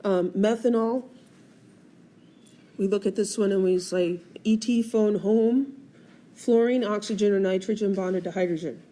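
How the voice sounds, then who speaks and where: Her tone steady and warm, a woman of medium pitch teaches a chemistry screencast at a moderate pace, recorded on a tablet. She lays out each step and asks the class questions.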